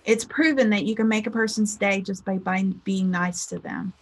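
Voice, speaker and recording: Mid-range in pitch and normal in speed, this woman delivers a casual motivational talk as a life coach and spiritual teacher. She keeps it chatty, slipping into lively voices for the people she quotes.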